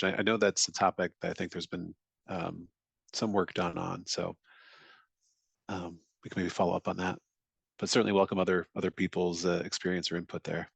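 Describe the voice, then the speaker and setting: A man's voice: low voice, gravelly, no echo. A man on a webinar panel, answering a question casually and hedging, then inviting others to share their experience. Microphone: video call.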